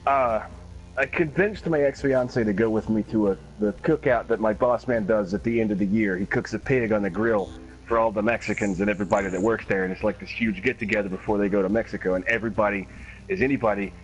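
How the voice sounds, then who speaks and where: A man's voice: lowish voice, fast, low-quality recording. A man streaming a game who tells profane, laughing anecdotes and acts out the quotes. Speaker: gaming streamer. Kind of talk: casual storytelling while gaming.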